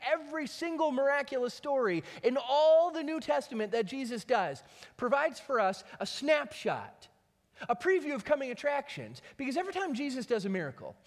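A male pastor preaching with a high, lively voice that swings widely in pitch. He tells the story dramatically, and his voice rings with the long reverb of a large hall. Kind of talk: sermon.

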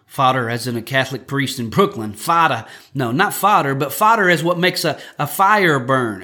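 A pastor with a high, sharp-toned voice preaches a conversational sermon for a podcast. He jokes as he goes and often repeats words while restarting his sentences.

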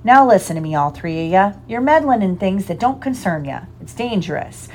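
A woman voicing a big, gruff, secretive male groundskeeper in a storybook reading. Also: medium pitch, sing-song, a little fast, darkish tone, slight background noise, natural voice. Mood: heated. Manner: gruff, insistent.

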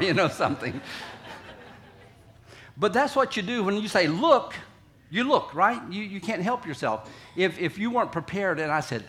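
Guy pastor giving a sermon, kinda high voice, talks like he's chatting w the congregation, gets loud when he acts stuff out. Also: animated, moderate pace. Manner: conversational, acts out quotes with big swings from quiet to loud. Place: church sanctuary.

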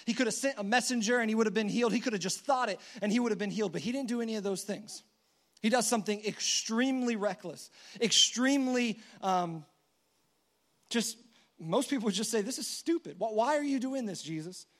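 A man's voice: sits high, fairly quick, a bit bright. A man preaching a sermon in a casual, conversational storytelling manner.

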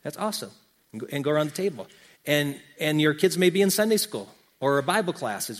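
A man preaching a sermon to his church as pastor, earnest, with repeated phrases and dramatic pauses. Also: fairly high pitch, sing-song. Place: church gathering.

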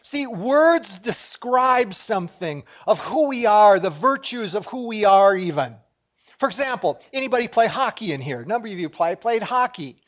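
A man's voice: high-pitched, expressive, moderate pace, a bit bright, highs cut off. A man preaching a sermon as pastor, talking in a conversational way and asking his congregation questions. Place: church sanctuary.

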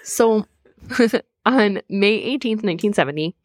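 A woman's voice: mid-range voice, lively intonation, unhurried, dry recording, clean studio sound. A young woman co-hosting a podcast, telling a story in a casual, laughing way and swearing freely. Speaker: podcast co-host. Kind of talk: casual chat.

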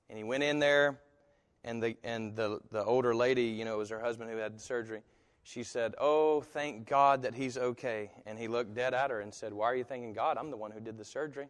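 A man preaches a sermon from the pulpit. His voice sits at an ordinary middle pitch, and he swings between quiet, drawn-out lines and loud, driving ones. The sound carries a long reverb from a large church sanctuary. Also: smooth. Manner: dramatic swings from hushed to loud, slow emphatic phrasing. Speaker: pastor.

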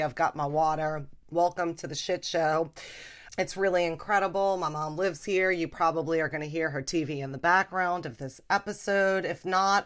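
A woman hosting a podcast, ranting about family life in a casual comedic way and slipping into a high, mimicking voice. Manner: animated, mimics her mother in a high voice. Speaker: podcast host.

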